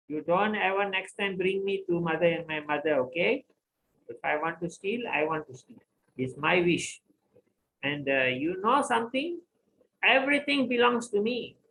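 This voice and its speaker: A man's voice: high-pitched, creaky, sharp tone, full character voice, poor audio. A man voicing a mischievous, boastful young boy god with a cheeky, commanding manner.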